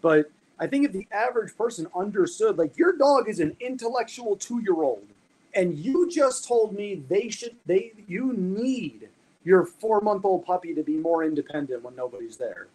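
Animated, profane man explaining dog behavior. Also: high voice, normal speed, breathy edge, poor audio. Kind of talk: casual podcast chat.

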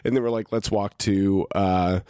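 A man's voice: sits low, fairly even intonation, moderate pace, dark tone, dry recording, clean studio sound. A man telling a long story in casual chat, profane and self-deprecating, often stopping and restarting his sentences. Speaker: podcast co-host.

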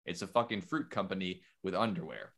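A man's voice: sits low, brisk. A man hosting a podcast in casual chat, telling stories with lots of profanity and acting out the quotes he repeats. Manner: animated, profane storytelling that acts out quotes. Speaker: podcast host.

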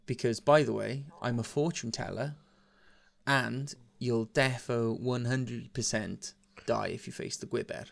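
A man's voice: mid-range voice, steady tone, measured pace, vocal fry. A man voicing an old male fortune teller who pleads and warns in casual slang. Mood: pleading.

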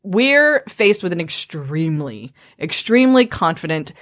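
A woman's voice: lowish voice, big pitch swings, measured pace. A woman in a casual chat, enthusiastically discussing a novel with many fillers.

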